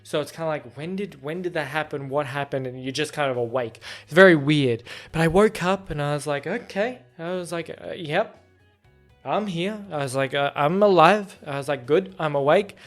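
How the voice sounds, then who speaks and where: Young male podcast host, higher register, lively casual storyteller, light music bed. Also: a little fast. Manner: animated, acts out quotes in a higher voice.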